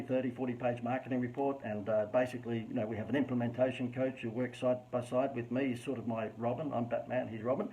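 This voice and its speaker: A man's voice: medium pitch, warm tone, highs cut off. An Australian man hosting a casual live stream, coaching businesses on marketing in a chatty, joking, self-mocking way.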